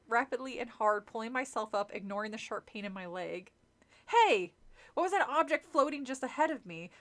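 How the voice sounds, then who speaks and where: A woman's voice: a little high, fairly bright tone. A woman streamer reading a spooky kids' book aloud in a casual way, laughing often, stumbling and correcting herself, and breaking off into chatty asides. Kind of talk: casual live-stream read-through with tangents.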